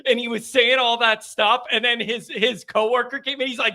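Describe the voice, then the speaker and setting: A man's voice: very high voice, flat delivery, moderate pace, pushed and bright. A man hosting a live sports call-in stream, chatting casually from a home studio, rambling and joking with his chat viewers.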